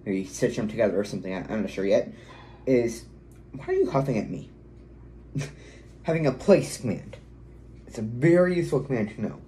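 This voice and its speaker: Dog trainer guy at home, mellow low-key voice, chatty how-to with quick sit and back-up commands. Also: slight background noise. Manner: casual, explains while giving short commands to a dog. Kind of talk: casual how-to video. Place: at home, indoors.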